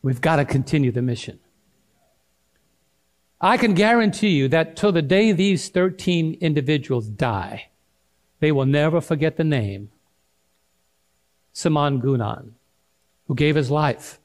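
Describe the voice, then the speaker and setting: A middle-aged male pastor preaching a sermon, swinging between loud and hushed delivery and calling out to the congregation. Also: a little high, unhurried, pauses often.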